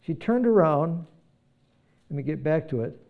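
Male pastor with a warm, mellow tone and a conversational, reflective sermon delivery. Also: on the high side, expressive, measured pace, vocal fry. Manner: conversational, reflective, thinking aloud with restarts.

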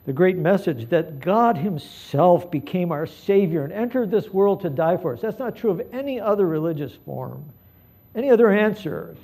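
A man preaching a live sermon, earnest and pleading, moving between hushed passages and emphatic ones. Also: sits high, gravelly, husky. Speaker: pastor.

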